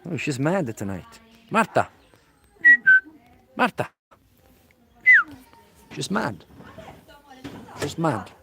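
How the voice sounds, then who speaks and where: A man's voice: a little high, sing-song, slow, gravelly, pauses often, heavy background noise. A man working as a personal trainer, answering viewers' questions on a live stream in a direct coaching manner and repeating key points for emphasis.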